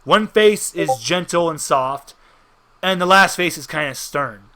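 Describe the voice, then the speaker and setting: A man's voice: fairly high pitch, lively intonation, measured pace, bright, forceful tone. A man narrating a tabletop game as game master, in an easygoing way with frequent restarts.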